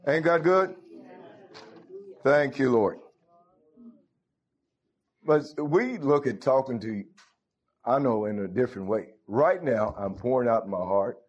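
A man delivers a sermon at a middle pitch. He quotes scripture in old biblical wording and punctuates his points with cries of praise and quick rhetorical questions. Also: a little mellow, muffled recording. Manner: scripture-quoting, call-and-response exclamations. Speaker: preacher.

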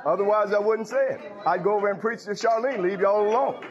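A man's voice: high-pitched, quick pace. A man preaching a sermon in a conversational, teasing way, laughing and making asides to the congregation. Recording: dull lo-fi recording.

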